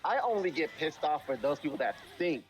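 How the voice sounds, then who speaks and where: A man's voice: fairly high pitch, animated, brisk. A man in casual chat on a live stream, talking bluntly and emphatically with plenty of swearing.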